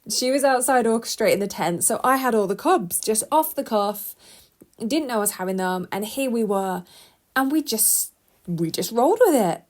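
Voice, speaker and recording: A middle-aged woman hosting a solo podcast, talking in a chatty, animated way with quick restarts. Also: fairly high pitch. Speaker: podcast host and coach. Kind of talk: casual solo podcast talk.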